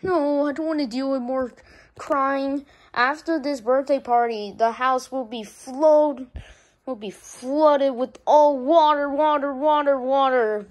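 A woman performing a comedic plush puppet skit, talking in an exasperated, rambling, complaining way. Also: high voice.

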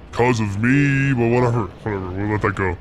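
A young man playing a laid-back slacker God, joking deadpan and rambling while gaming. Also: fairly low pitch, normal speed, a little hiss or hum, close to an everyday voice. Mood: casual. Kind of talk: improvised comedy while gaming.

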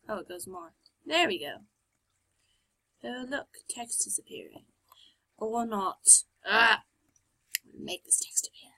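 A woman's voice: fairly high pitch, creaky, bright, forceful tone, poor audio. A woman giving casual gameplay commentary, chatty and self-mocking, often muttering and whispering to herself. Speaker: game let's-player.

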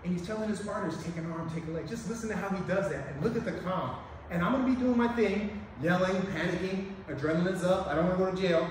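Energetic man teaching in an echoey room. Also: high-pitched, fast, slight background noise. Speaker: police officer and instructor. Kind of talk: demonstration lesson. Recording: echoey room, mic at a distance.

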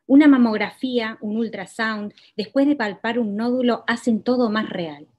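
A woman's voice: fairly high pitch, brisk, darkish tone. Woman poet reading her poems. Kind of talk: poetry reading.

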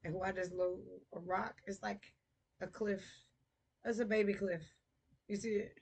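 A woman's voice: medium pitch, steady tone, a little mellow, breathy edge. A woman chatting playfully while streaming a shooter game. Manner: playful, sings snippets, slow drawl. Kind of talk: casual live-stream chat while gaming.

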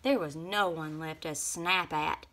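A woman reading a children's picture book aloud in an expressive way. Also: low voice, a little slow. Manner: expressive, lively. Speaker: storybook reader.

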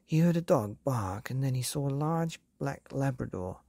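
A woman reading a bedtime story aloud in a calm, even way, with a gravelly, husky voice. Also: rumbling low, normal speed, no room sound.

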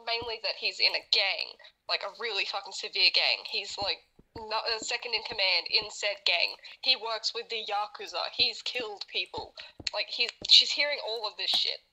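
A woman's voice: medium pitch, normal speed, pushed and bright, low-quality recording. A woman co-hosting a casual podcast, telling her story series in a rambling, sweary way with lots of laughing. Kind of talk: casual chat while gaming.

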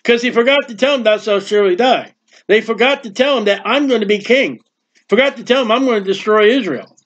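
A man teaching a Bible passage verse by verse, emphatic and repetitive, with conversational asides and quick jokes. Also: sits high, fairly bright tone. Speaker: preacher. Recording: dull lo-fi recording.

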